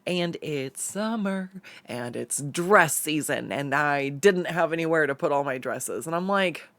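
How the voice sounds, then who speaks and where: A woman's voice: low voice, animated, unhurried, a bit bright, dry recording. A young woman streamer telling stories in casual chat, laughing often and swearing freely.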